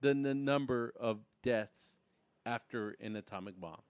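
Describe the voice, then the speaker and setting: A man's voice: medium pitch, measured pace, clean tone, no echo. A man co-hosting a casual podcast, laid-back and swearing freely. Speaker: podcast co-host. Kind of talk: casual chat.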